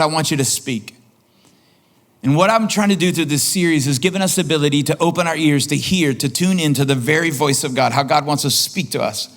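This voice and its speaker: Male pastor, sermon, impassioned, emphatic repetition, higher-pitched voice. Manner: impassioned, repeats phrases, rises in pitch for emphasis. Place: church auditorium.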